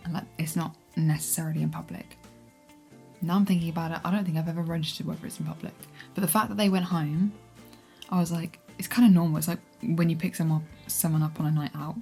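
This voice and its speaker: A young book vlogger reads and chats casually in a cosy room at home, with rain and fireplace sounds and soft background music. Her lowish voice is steady, warm and fairly quick, and she rambles and giggles, sometimes dropping to a whisper.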